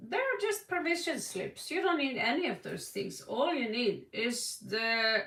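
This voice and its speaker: Slow, expressive Norwegian tarot reader, high-ish voice, recorded in an echoey room away from the mic. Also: female voice, gravelly, far from the mic. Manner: dramatic, emphatic, with sudden loud stresses. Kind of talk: tarot livestream reading.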